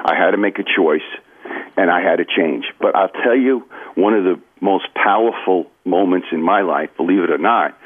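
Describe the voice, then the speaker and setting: Interview guest: New man, earnest storyteller, lowish voice, heard over a thin phone line. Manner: earnest, confiding, addresses host by name. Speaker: author and recovery guest. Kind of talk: radio interview, personal storytelling.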